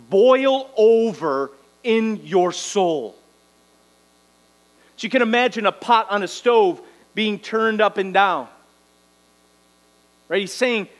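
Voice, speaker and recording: Male pastor, high voice, exhorting sermon delivery, faint mains hum. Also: a bit bright, low-quality recording. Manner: exhorting, rhetorical "right?" tags.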